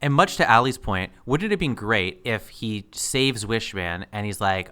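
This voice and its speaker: A man co-hosting a podcast in casual chat, animated, acting out characters' lines as he jokes. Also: fairly low pitch, fairly quick, hardly any pauses, clear, resonant tone. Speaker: podcast co-host.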